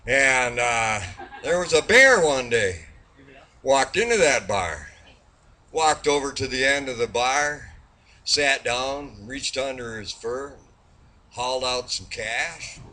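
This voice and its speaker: A man's voice: mid-range voice, expressive, slow, sharp tone, slight background noise. A man telling a long, rambling joke in a bar, folksy and drawn out with lots of fillers. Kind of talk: rambling storytelling.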